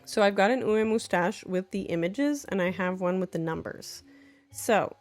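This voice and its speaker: A woman teacher giving an unscripted walkthrough of her classroom games. She talks in a chatty, playful way, drops in quick French examples, and teases herself in small asides. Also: mid-range voice. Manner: jumps into lively French examples while explaining.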